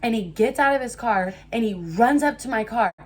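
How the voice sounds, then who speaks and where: Young woman telling an animated storytime. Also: fairly high pitch, moderate pace, husky. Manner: animated storytelling with heavy swearing. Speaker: storytime vlogger. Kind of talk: casual storytime monologue.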